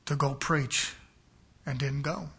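A man preaching a sermon, moving from quiet explanation to loud, shouted exhortation. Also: medium pitch, steady tone, takes it slowly, creaky.

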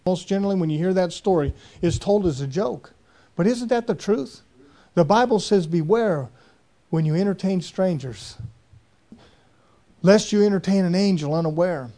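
A man's voice: sits high, normal speed, pauses often, warm tone. A man preaching a sermon, telling stories in a folksy, rambling way. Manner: folksy, rambling storytelling with dialect grammar.

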